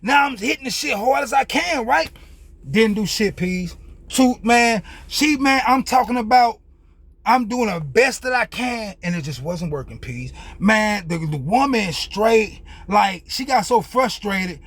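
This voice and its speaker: A man's voice: high-pitched, animated, unhurried, a bit bright, slightly rough. A young man telling a casual, profane story in loose street slang as a vlogger.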